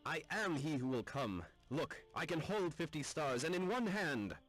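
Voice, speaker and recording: A man plays a smug young hero, boasting fast and brightly. His pitch bounces lively across each line. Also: faint music behind.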